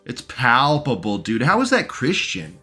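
A man's voice: medium pitch, wildly swooping pitch, measured pace, bright, forceful tone, soft background music. A man giving casual, mocking commentary as he reacts to a recorded debate and talks back to it.

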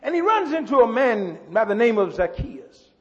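A pastor preaching a sermon. He builds to shouts, repeats words and calls out to the congregation. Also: very high-pitched, very animated, moderate pace. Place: church. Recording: muffled church hall with long echo.

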